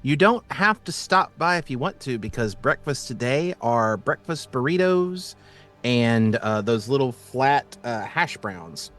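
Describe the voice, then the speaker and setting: A man narrating as game master for a tabletop game, in a relaxed, halting way with frequent fillers. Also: mid-range voice, soft background music.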